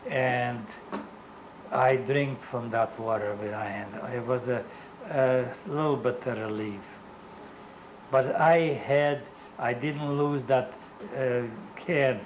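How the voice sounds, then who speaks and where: An older man giving a Holocaust survivor's testimony in an oral history interview, speaking in halting, non-native English and often stopping to search for words. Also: mid-range voice, lo-fi sound, slight background noise.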